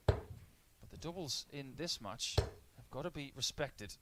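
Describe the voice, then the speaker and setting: A man's voice: mid-range voice, lively intonation, takes it slowly. A man giving live darts commentary, breaking down averages, doubles and shot choices as play unfolds. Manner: analytical, stat-heavy play-by-play. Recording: noisy line with clicks.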